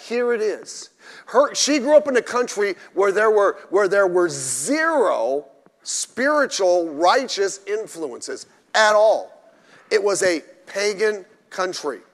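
Animated high-voiced preaching man. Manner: emphatic, blunt, with mocking asides. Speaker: pastor. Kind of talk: sermon. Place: church during a midweek service. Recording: echoey church hall.

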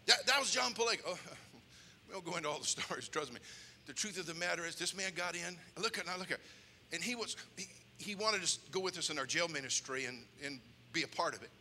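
A male pastor telling a story in a sermon, animated, acting out voices and shouting at times. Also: fairly high pitch, fast, a little hiss or hum. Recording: long reverb of a church hall.

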